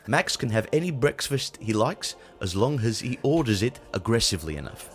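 Man doing a pompous deadpan Dutch father. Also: mid-range voice, moderate pace, natural voice. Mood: deadpan boastful. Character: brutish self-important Dutch father. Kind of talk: comic reading of a spoof blog.

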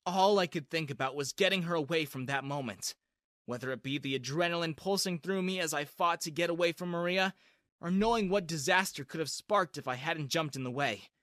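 Brief: male story narrator, bright and lively, dry close sound. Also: on the high side, fairly quick, no room sound. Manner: lively, expressive reading. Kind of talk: first-person story narration.

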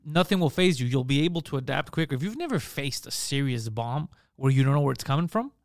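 A man's voice: medium pitch, animated, quick pace, dry recording, clean studio sound. A man talking as a podcast host in a casual chat, telling stories animatedly and acting out other people's lines, swearing freely.

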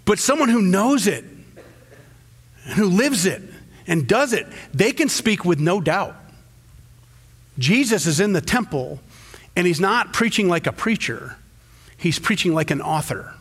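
A middle-aged man, the pastor, preaching a sermon in a church, telling stories and acting out quotes with sudden jumps in pitch. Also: expressive, unhurried, long pauses, a bit bright, breathy edge.

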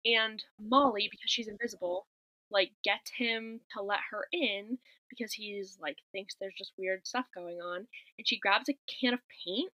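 With a mid-range, pushed and bright voice, this podcast co-host takes her time walking through a film's scenes, chatty and wry, dropping in quoted dialogue. There's no echo, though the audio is rough.

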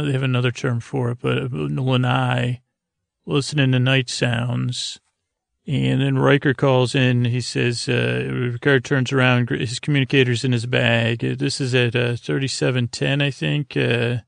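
Man, podcast host, monotone gravelly rambling recap, dry close sound. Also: mid-range voice, dry recording. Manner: rambling, full of uh and "he goes" asides. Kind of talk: casual, drowsy recap.

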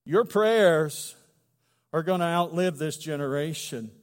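A middle-aged man preaching a sermon as pastor, conversational and humorous, swelling into loud emphatic bursts. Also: fairly high pitch, takes it slowly, long reverb tail. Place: church sanctuary.

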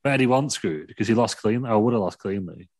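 A man's voice: on the low side, a little fast. A man co-hosting a casual wrestling podcast chat, blunt and swearing freely. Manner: blunt, swears, animated opinions. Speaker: podcast co-host.

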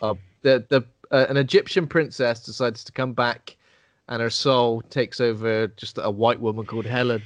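A man chatting casually about a film with a co-host, cracking jokes and putting on silly voices. He has an even middle pitch. The sound is dry and close, with no room around it. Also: moderate pace, no room sound. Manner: jokey, slips into silly voices. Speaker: podcast co-host.

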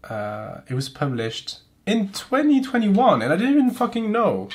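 A French-accented man hosts a podcast in loose, casual chat, his voice stuffy and nasal from pollen. He rambles, swears a lot and pokes fun at himself, sitting at an everyday middle pitch. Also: very animated, unhurried. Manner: profane, rambling, self-mocking. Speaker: podcast host. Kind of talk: casual chat and reading aloud.

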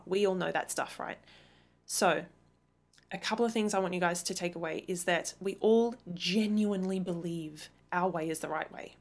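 A woman in her thirties hosting a solo parenting podcast as a coach, talking earnestly and emphatically, with quick acted-out retorts. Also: on the low side.

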